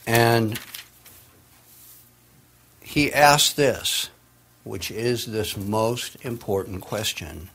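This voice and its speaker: A man preaching a sermon, swinging between hushed, drawn-out phrases and emphatic, raised passages, with dramatic pauses. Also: on the low side, animated, slightly rough.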